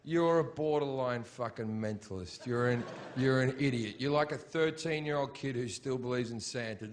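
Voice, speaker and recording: A man doing a stand-up routine before a live audience, profane and mocking, building up to shouted rants. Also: medium pitch, moderate pace, few pauses, noisy background. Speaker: stand-up comedian.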